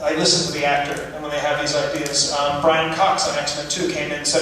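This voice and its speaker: A film director answering audience questions in a chatty, laughing way at a festival Q&A. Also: male voice, a little high, moderate pace. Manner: chatty, laughing asides, restarts. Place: large hall with audience. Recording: echoey hall from far off, audience noise.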